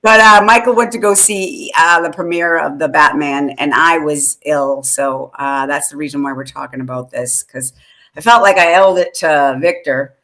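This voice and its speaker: Chatty woman hosting a live show, bright voice, says hi to viewers a lot. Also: deep voice, normal speed. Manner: chatty, laughs often, greets viewers. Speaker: podcast co-host. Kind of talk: casual live-stream chat.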